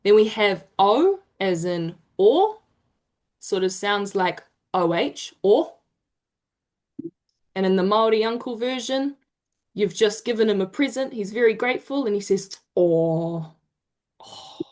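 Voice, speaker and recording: A woman's voice: medium pitch, lively intonation, a little mellow. A woman presenting an online pronunciation lesson, encouraging her group and stretching out example sounds. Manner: encouraging, drawn-out demonstration sounds. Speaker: te reo Māori workshop presenter. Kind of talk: online teaching session. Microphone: video call.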